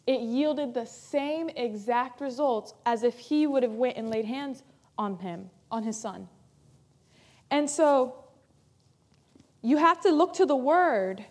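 A woman's voice: sits high, darkish tone. A woman pastor preaching a sermon in an earnest, emphatic way, repeating key phrases for weight.

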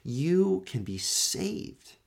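A man's voice: fairly high pitch, sing-song, drawn-out words, creaky. A man hosting a daily Bible teaching show, explaining a passage in an earnest, emphatic way and often repeating words as he builds his point.

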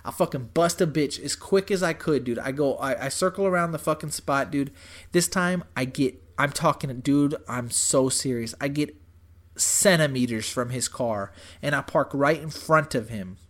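A young man telling a story in casual chat, animated and profane, saying "dude" and "bro" constantly. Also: mid-range voice, normal speed.

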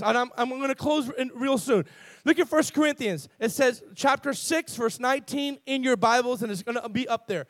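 Fervent high-voiced male pastor preaching. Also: moderate pace, no room sound, studio quality. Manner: fervent, climbs to loud emphatic preaching with call-outs; repeats words and restarts often. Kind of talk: sermon. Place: church sanctuary with congregation.

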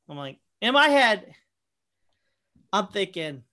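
A young man casually telling a profane, animated story, full of fillers and quoted asides. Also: extremely high pitch, moderate pace, long pauses. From Michigan, USA. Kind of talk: casual anecdote chat.

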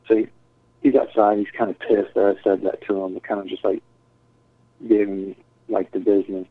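A man's voice: fairly low pitch, flat delivery, moderate pace, pauses often. A man telling a rambling story in casual chat, swearing and saying "dude" and "like" a lot. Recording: tinny phone-like sound, dry.

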